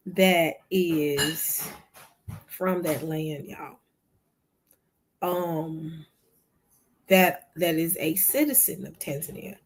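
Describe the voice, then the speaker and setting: A woman hosting a livestream show, chatting casually with viewers and retelling a conversation in quoted dialogue, often calling them "y'all". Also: on the low side. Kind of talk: casual storytelling to a live audience.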